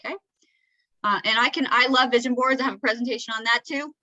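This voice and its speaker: A woman's voice: fairly high pitch, fairly even intonation, fast, pushed and bright, no echo, lo-fi sound. A woman with a Southern accent giving a conversational talk, often checking in with "right?". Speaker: presenter. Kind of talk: presenting a talk.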